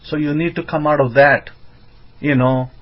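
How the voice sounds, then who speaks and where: A man giving an informal sermon as a rabbi, emphatic and rising into excited bursts. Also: a little high, normal speed. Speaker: rabbi teaching. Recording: dull lo-fi recording.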